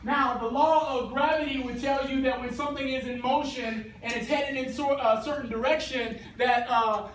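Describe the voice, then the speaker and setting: A man teaching a youth Bible class in a church classroom, telling the story in an animated, slangy way. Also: extremely high pitch, moderate pace, few pauses. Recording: echoey hall, distant mic, faint hiss.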